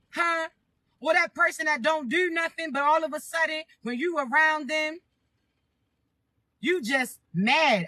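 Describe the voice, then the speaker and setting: A woman with a high, bright and cutting voice talks straight to her viewers in a casual spiritual reading. She preaches emphatically, keeps hitting them with rhetorical questions and swears without holding back. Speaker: spiritual reader addressing viewers.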